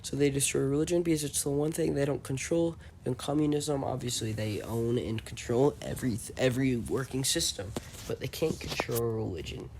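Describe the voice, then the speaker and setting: A man's voice: medium pitch, brisk, vocal fry, darkish tone, a little hiss or hum. A man talking over screenshots in a rambling, mocking, self-assured commentary voice-over. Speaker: channel host.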